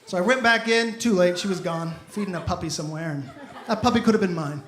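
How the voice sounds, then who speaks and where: A man's voice: sits high, fast. A man performing a self-deprecating stand-up comedy set in a comedy club, telling stories and acting out the dialogue. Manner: self-deprecating, animated storytelling with acted-out dialogue. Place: comedy club stage with laughing audience. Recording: echoey club room with crowd noise.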